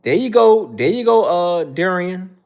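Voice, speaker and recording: A man on a casual livestream talks back to his chat in a mocking, profane, confrontational way. His voice sits high and swings widely in pitch as he jeers at commenters. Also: animated, unhurried, creaky. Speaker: host answering viewer chat.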